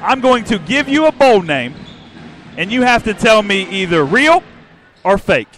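Upbeat high-voiced male sports co-host. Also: big pitch swings, a bit bright, faint music behind. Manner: upbeat, announcer-like, reads numbers out slowly. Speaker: co-host of a fan sports podcast. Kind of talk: pregame sports broadcast banter.

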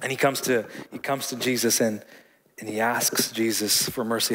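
A man's voice: medium pitch, steady tone, normal speed, a bit bright, slight background noise. A man preaching a sermon as pastor in a church hall, conversational, repeating words and joking with the congregation.

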